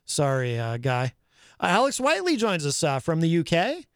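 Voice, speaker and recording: Smooth-voiced man reading viewer comments. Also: on the high side, huge pitch swings, moderate pace, dry recording, clean studio sound. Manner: rambling, hesitant, with many fillers and restarts. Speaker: host. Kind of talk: casual live-show chat, reading viewer comments.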